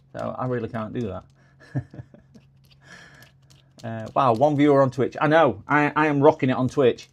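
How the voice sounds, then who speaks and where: A man talks viewers through a laptop repair on a live stream, describing each step as he does it. He keeps up a loose, joking banter in a mid-range voice and often pokes fun at himself. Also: medium pitch. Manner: chatty, joking, self-deprecating, talks to viewers. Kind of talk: livestream repair commentary.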